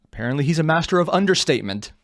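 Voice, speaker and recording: Rambling, swearing man doing casual reaction commentary; slightly high, very lively pitch. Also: racing, dry recording, clean studio sound. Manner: rambling, self-interrupting, swearing. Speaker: reaction video host.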